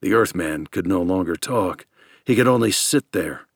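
Man in his fifties, audiobook narration, lowish voice, dry close studio sound, measured and even. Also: gravelly, no room sound.

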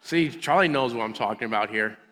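Lively in intonation and a little fast, this man's medium-pitched, fairly bright voice echoes with long hall reverb. As a children's minister, he teaches a playful Bible lesson, giving the characters their own little voices.

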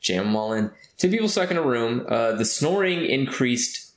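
A man's voice: mid-range voice, big pitch swings, normal speed. Man, from California, casual rambling storytelling, lots of fillers, roomy echo. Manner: rambling, with many fillers and restarts.

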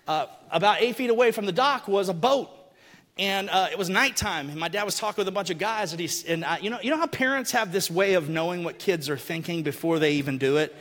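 A man preaching a sermon, telling stories and acting out the people he quotes, building to loud, forceful passages. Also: sits high, fast talker. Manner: animated storytelling, acts out quotes, rising to shouts. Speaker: pastor. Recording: long hall reverb.

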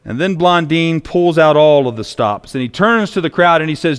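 A man's voice: fairly high pitch, expressive, normal speed, hardly any pauses, clear, resonant tone. A male pastor preaching a sermon in a church, telling stories with emphatic repetition. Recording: long echoey reverb.

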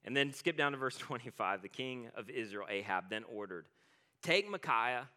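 A man preaching a sermon in an energetic, conversational way, retelling scripture in his own words. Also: medium pitch, moderate pace. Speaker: pastor.

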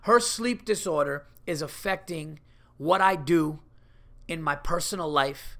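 A man with a high, gravelly voice rants on his podcast, loud and profane. His tone is bright and edgy, and he swears through every sentence. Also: a little slow. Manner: profane, heated ranting. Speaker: podcast host. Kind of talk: solo podcast rant.

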